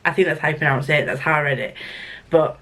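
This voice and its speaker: A woman's voice: sits low, quick pace, fairly bright tone. A young woman with a Yorkshire accent talks to camera about what she has been reading. She rambles, doubles back and restarts her sentences, in an easy, casual vlog manner. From Yorkshire, England. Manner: chatty and rambling, with restarts and laughs. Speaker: book vlogger.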